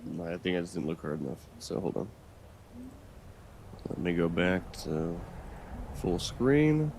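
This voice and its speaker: A man with a very low voice talks through his game in a loose, rambling way, thinking aloud and swearing now and then. The recording has a clear layer of background noise under his voice. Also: little pitch movement, normal speed. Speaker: gaming channel host. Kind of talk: casual let's-play commentary.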